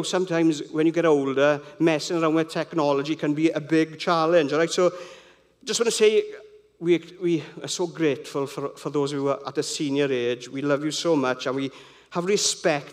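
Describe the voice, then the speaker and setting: A middle-aged man gives a sermon in a conversational, rambling way full of personal anecdotes. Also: fairly high pitch. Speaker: preacher.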